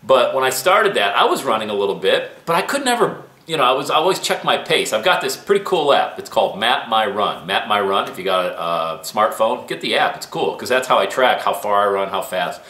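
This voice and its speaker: A man delivers a fired-up motivational talk straight to camera, and his pitch leaps around as he pushes each point. His voice is bright and forward. The small studio room gives it a noticeable echo. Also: brisk, hardly any pauses. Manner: fired-up, preachy, animated. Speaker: motivational vlogger.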